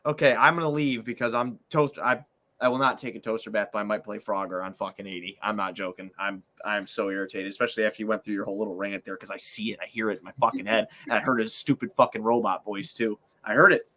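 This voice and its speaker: A man's voice: fairly low pitch, fairly even intonation, quick pace, bright, forceful tone. Profanity-heavy ranting male podcast host. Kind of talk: casual sports podcast chat.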